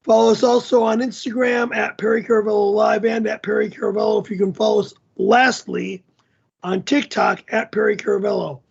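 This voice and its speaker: A male host slowly reading out social links and a mailing address to close his live stream, halting with fillers. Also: sits high, little pitch movement, vocal fry, breathy edge, highs cut off. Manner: slow, halting plug reading with filler ums.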